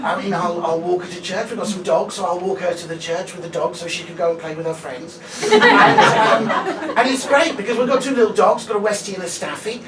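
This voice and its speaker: Working a loud crowd in a small comedy club, this man trades banter with the audience during a chatty, profane stand-up set. He speaks slightly quickly in a high voice with lively intonation, captured on a distant mic in an echoey space full of background noise.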